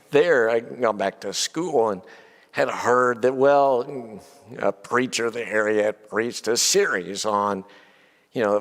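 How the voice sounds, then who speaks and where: A man's voice: mid-range voice, a bit bright. Man teaching a Bible class in a reverberant church. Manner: conversational, asks many rhetorical questions, frequent "you know". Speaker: preacher. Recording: long hall reverb.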